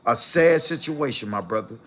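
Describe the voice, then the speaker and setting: A man's voice: medium pitch, animated, normal speed, a bit bright, slight background noise. An older man from Mississippi, hosting a live stream and mocking another creator in blunt, profane commentary. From Mississippi, USA. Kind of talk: live commentary reacting to clips.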